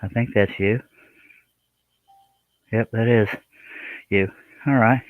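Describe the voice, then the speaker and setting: A man's voice: lowish voice, fairly even intonation, slow, no room sound, phone-quality sound. A man hosting a live stream, chatting casually in a joking, rambling, self-deprecating way. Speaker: live stream host, scroll saw artist.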